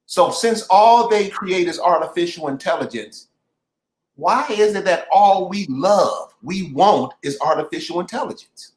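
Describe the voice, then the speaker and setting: A man's voice: high-pitched, lively intonation, measured pace, darkish tone. A man hosting a casual conversation, speaking in an emphatic, repetitive, preacher-like way. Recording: echoey room.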